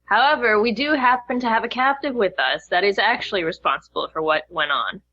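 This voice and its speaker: A woman's voice: mid-range voice, a little fast, bright, forceful tone, no echo. A woman player speaking in character in a tabletop game, formal, polite and assertive. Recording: dull, lo-fi sound.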